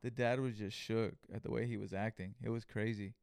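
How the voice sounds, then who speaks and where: A man's voice: on the low side, a little fast, creaky, smooth, no echo, studio quality. A young man hosting a podcast, telling a story casually and profanely, acting out what people said. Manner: profane, animated retelling with acted-out quotes. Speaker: podcast host.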